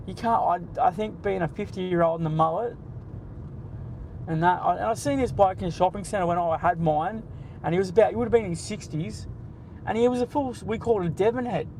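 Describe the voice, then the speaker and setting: A man's voice: sits high, brisk, a little mellow, slight background noise, low-quality recording. An Australian man in his late forties, hosting a casual, blunt and sweary live stream, bantering with his chat from the driver's seat of a car. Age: 40s. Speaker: livestream host.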